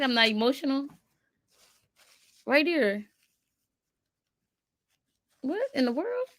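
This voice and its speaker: A woman's voice: fairly high pitch, pushed and bright, no room sound, studio quality. A woman hosting a casual livestream on her computer, chatting and reciting affirmations with frequent laughs. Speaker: livestream host. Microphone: computer mic.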